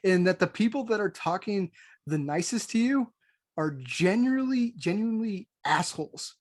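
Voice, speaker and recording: A man's voice: high-pitched, lively intonation, moderate pace. An American man co-hosting a podcast, talking bluntly and swearing freely, with frequent laughs. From United States. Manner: blunt and profane, laughs often. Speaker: podcast co-host. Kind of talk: casual chat.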